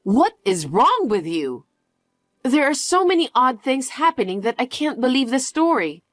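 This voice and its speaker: A woman's voice: high-pitched, sing-song, normal speed, no echo, clean studio sound. A woman voicing a suspicious young adult daughter who questions everything in an incredulous, dismissive way. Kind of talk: dialogue story acting.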